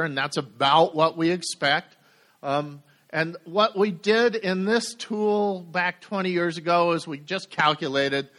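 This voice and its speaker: Middle-aged man presenting to a room, slightly higher voice, hesitant with lots of ums, dry wit. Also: bright, forceful tone. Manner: halting, many fillers, dry humor. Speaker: conference speaker. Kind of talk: technical presentation.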